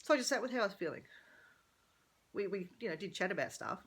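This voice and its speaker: A woman's voice: medium pitch, expressive, fast talker, fairly bright tone, breathy edge. A middle-aged woman talking candidly in a rambling personal vlog, thinking aloud and correcting herself as she goes. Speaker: vlogger.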